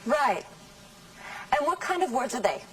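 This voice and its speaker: A woman teaching English in a scripted classroom lesson, saying model sentences slowly and carefully. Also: high voice, big pitch swings, distant mic, noisy background. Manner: slow, careful, over-articulated model sentences.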